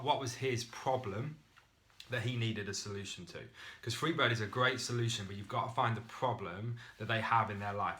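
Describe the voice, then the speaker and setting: Fast-talking man with a bright voice. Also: fairly low pitch. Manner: conversational, lively storytelling. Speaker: business presenter. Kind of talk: motivational business talk to a team.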